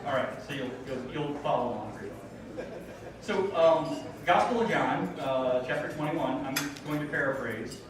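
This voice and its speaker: Speaking at a measured pace in a mid-range voice, a school board member delivers an informal, joke-filled gala speech with ums, poking fun at himself. He's at a podium in a big banquet hall, and the distant, very echoey recording carries crowd noise and the clink of dishes and cutlery.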